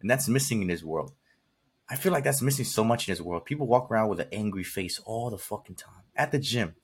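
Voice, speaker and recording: Husky-voiced man giving a blunt pep talk. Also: fairly low pitch, animated, a little fast. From California. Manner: blunt, swears casually, repeats phrases, talks straight to the listener. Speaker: podcast host. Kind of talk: motivational monologue.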